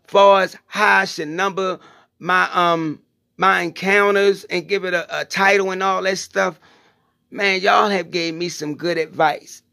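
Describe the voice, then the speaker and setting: A man's voice: sits high, steady tone, measured pace, creaky, pushed and bright, no echo, studio quality. A middle-aged man hosting his own channel, speaking casually and earnestly to his viewers, rambling with many fillers and saying "y'all". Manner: informal Southern US speech with 'y'all' and 'ain't'. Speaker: channel host.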